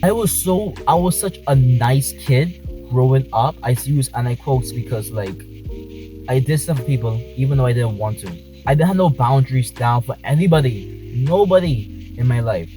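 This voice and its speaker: A man's voice: medium pitch, animated, moderate pace, mellow, faint music behind, low-quality recording. A man vlogging from inside a car, speaking passionately and emphatically, repeating his points. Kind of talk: talking to camera in a car.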